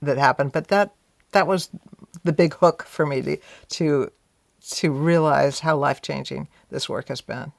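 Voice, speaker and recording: A woman's voice: low-pitched, a little slow, creaky, dry recording. A woman being interviewed, telling a story in a reflective, conversational way, often saying "you know" and voicing her own past thoughts aloud. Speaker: interview guest.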